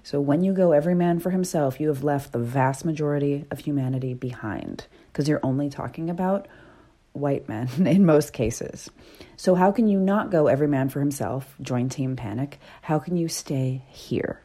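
Low mellow-voiced woman podcast host. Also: normal speed. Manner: earnest, animated, drops to soft whispers at times. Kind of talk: casual solo podcast talk.

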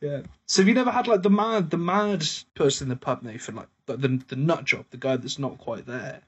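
A man's voice: a little high, fairly quick, a bit bright, husky. A man co-hosting a casual pub podcast, telling a story animatedly, laughing and swearing often. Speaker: podcast co-host.

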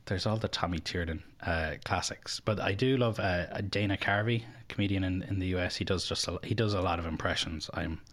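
A man's voice: sits low, a little fast, hardly any pauses, a bit bright. A young Irish man as a podcast guest, chatting in a rambling, self-deprecating way with lots of fillers. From Ireland. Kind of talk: casual interview chat.

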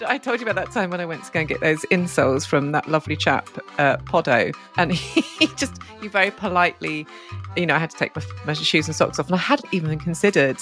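A woman's voice: low voice, animated, fast, fairly bright tone, faint music behind. A woman co-hosting a podcast, chatting casually and telling stories with frequent laughter. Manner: giggly, chatty storyteller. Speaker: podcast host. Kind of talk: casual chat.

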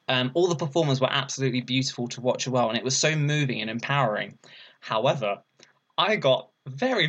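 An animated young man tells his story as an interview guest. He laughs often and raises his voice high whenever he acts out what someone said. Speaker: interview guest, burlesque performer.

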